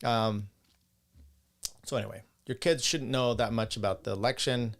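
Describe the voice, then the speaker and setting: Middle-aged male host, gravelly, mid pitch, loose rambling delivery with crude asides. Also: steady tone, normal speed. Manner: rambling, profane, chuckling asides. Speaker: podcast host. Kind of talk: casual live-stream talk, reading chat.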